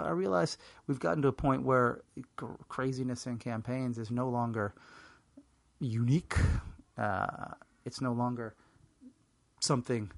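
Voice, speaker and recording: An interview guest gives a rambling, self-mocking comedic answer, packed with fillers and restarts. His mid-range voice is creaky and has no echo.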